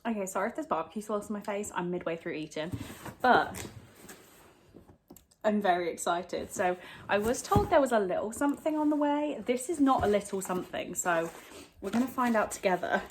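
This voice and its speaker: A young woman talks straight to the camera in a casual book vlog. She rambles and gushes, her pitch sitting in the middle of the range. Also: moderate pace, background noise. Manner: gushing, excitable, rambling. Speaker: book vlogger.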